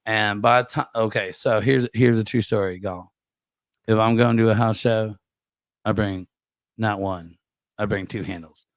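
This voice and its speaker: A man's voice: fairly low pitch, fairly even intonation, a little slow, no room sound. A man hosting a casual podcast chat, scattered and searching for names with lots of filler.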